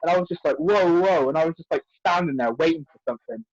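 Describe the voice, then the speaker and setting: Male wrestler, animated anecdote teller, dry close lo-fi recording. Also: a little high, rapid-fire, no echo. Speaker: wrestler guest. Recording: dry, dull lo-fi audio.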